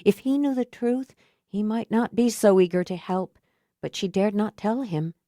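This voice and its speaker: The clip is scripted thriller narration by a woman with a mid-range voice, delivered evenly and at a measured pace. It has clean studio sound with no echo.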